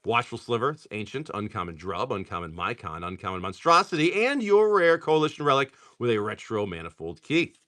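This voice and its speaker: A man's voice: fairly low pitch, sing-song, a bit bright. Chatty man reeling off card names. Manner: rapid card name listing, chatty asides to buyers. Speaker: live stream card seller. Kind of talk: casual pack-opening commentary.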